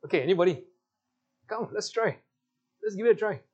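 A man's voice: high voice, expressive, brisk, husky, highs cut off. A man with a Singaporean English accent leading a Bible class, playfully coaxing answers from the group and laughing often. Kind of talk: interactive Bible teaching.

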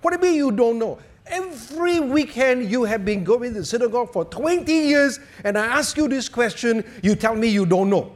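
A man's voice: very high-pitched, lively intonation, moderate pace, few pauses, pitched above the performer's own voice. A man voicing an angry male police officer who threatens jail in a story told from the pulpit. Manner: shouting, threatening.

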